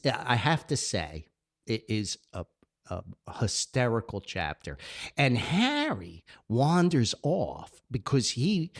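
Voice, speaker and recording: An older man hosts a podcast and talks through the characters he created. His pitch is animated and rises and falls a lot, and he often laughs at his own stories. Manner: laughs often, lively and amused. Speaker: podcast host and author. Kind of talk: casual chat about his own book characters.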